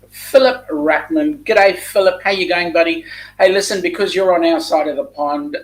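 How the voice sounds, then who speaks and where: A man's voice: a little high, low-quality recording. Chatty Australian man hosting a live stream. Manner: chatty, greets viewers by name, lots of ums. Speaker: host of a live chat stream. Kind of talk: casual live-stream chat.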